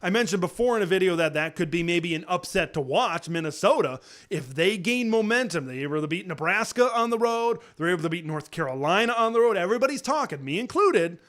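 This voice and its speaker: High-voiced excitable sports talk host. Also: male voice, a little fast, few pauses. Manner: excitable, pitch jumps high on rhetorical questions; conversational with frequent fillers and restarts. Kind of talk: live college football talk show.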